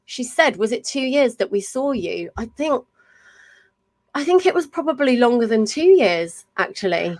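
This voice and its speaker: A woman's voice: a little high, very animated, normal speed. Chatty effusive English woman host. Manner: chatty and effusive, tumbling storyteller. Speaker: podcast host. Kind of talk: casual live chat.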